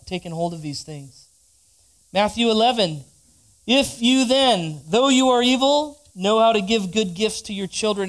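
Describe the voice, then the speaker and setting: A man preaching a sermon, reading scripture aloud and leading the congregation in spoken responses. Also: high-pitched. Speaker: pastor.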